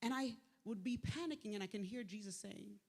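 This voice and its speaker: Woman giving a lively talk in a hall. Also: mid-range voice, brisk, vocal fry. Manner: lively, conversational, with slang asides to the crowd. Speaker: speaker at a faith event. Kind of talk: live motivational faith talk. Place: large venue, live event. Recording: echoey hall with long reverb.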